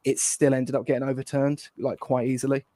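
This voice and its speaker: A man of ordinary pitch co-hosts a casual political chat. He rambles and hesitates, often restarting with fillers. His voice sounds dry and close. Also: flat delivery, brisk, warm tone, no room sound.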